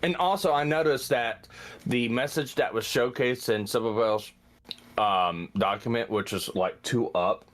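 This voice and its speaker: A man's voice: mid-range voice, measured pace, faint music behind. A man co-hosting a stream in casual chat, blunt and cursing freely. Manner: swears freely, animated and blunt.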